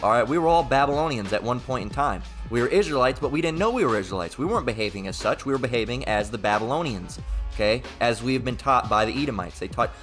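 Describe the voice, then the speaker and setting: A man's voice: mid-range voice, fairly bright tone. Profane, emphatic man preaching. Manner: mimics opponents in quoted voices. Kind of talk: informal preaching monologue.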